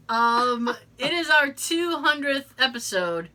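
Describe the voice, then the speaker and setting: A woman's voice: mid-range voice, lively intonation, unhurried, bright, forceful tone. A woman co-hosting a podcast in casual chat, talking in a rambling way with lots of fillers and restarts. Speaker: podcast co-host.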